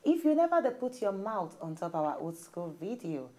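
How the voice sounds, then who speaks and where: A woman's voice: medium pitch, moderate pace. Woman talk show host with a Nigerian accent. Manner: animated, laughs often, reads out stories. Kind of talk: casual studio chat in pidgin.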